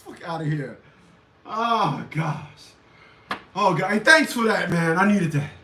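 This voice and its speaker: A man hosting a livestream, ranting crudely with loud laughs and shouted outbursts. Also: high voice, lively intonation, measured pace, slight background noise. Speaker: livestream show host. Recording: echoey room, far from the mic.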